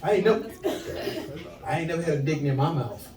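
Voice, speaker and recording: A man hosting a comedy show, telling loud, profane stories between acts on a club stage. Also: a little high, brisk. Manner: loud, profane, animated storytelling. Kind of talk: stand-up emcee banter. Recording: roomy club audio from a distance with crowd.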